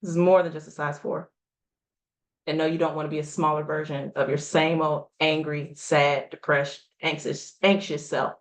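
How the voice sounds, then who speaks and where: A woman's voice: low-pitched, little pitch movement, moderate pace. A woman gives a motivational coaching talk to a group. She speaks emphatically, asks rhetorical questions and repeats short lines for effect. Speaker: health coach.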